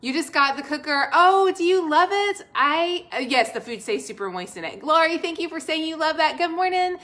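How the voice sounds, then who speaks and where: Bright, bubbly woman cooking live. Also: high-pitched, brisk. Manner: upbeat, talks straight to viewers, reads out comments. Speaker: host of a cooking livestream. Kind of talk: chatty live cooking demo with viewers. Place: home kitchen.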